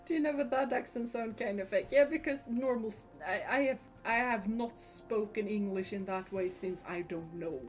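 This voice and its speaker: A woman's voice: fairly high pitch, measured pace, faint music behind. Giggly woman chatting on stream. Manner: chatty, giggly, answers chat comments. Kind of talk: casual live-stream chat.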